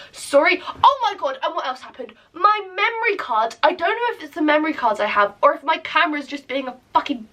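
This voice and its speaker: High-voiced woman, sweary rambling vlog. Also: fairly bright tone, recorded from a distance. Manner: self-deprecating, sweary, rambling storytelling. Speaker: vlogger. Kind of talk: casual day-in-my-life vlog chat. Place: at home, indoors.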